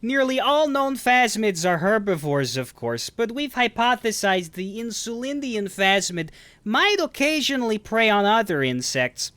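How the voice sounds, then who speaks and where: A man's voice: high-pitched, very animated, a little slow, bright, forceful tone, dry recording, pitched above the performer's own voice, exaggerated voice. A man doing a stilted, eccentric oddball voice. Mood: eager. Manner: stilted, unnatural phrasing. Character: odd, eccentric man with a strange cadence, male adult.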